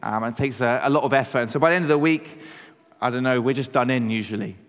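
A man, a pastor, preaching a sermon in a measured, conversational way, slowing down to stress key words. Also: mid-range voice. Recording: long hall reverb.

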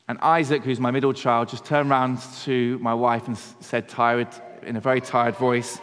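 Male pastor, mid-pitched, conversational sermon with slowed emphasis, long reverb tail. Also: steady tone, a bit bright.

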